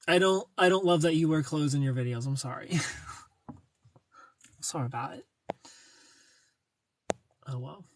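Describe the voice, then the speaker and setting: This young livestreamer, a little high in pitch and a bit slow, pauses often as he reads comments aloud, jokes around, and welcomes people by name. Slight background noise can be heard.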